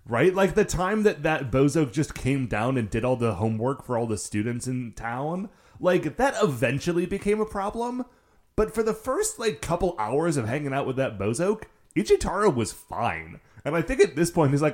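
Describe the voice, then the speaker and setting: A man's voice: fairly high pitch, normal speed. A man co-hosting a casual chat about a TV episode, laughing and quoting the characters. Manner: laughing, lively, quotes characters. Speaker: podcast co-host.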